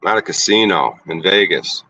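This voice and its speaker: A man's voice: a little fast, a crowd in the background. A young man hosting a livestream from his car, ranting and swearing in heated casual talk. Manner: profane and agitated, rants with rising pitch. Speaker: livestream host.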